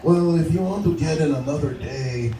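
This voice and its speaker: A man voicing a bored, mumbling pizzeria manager with a slow, flat drawl, performed on stage. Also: on the high side, lightly acted. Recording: roomy venue sound from a distance.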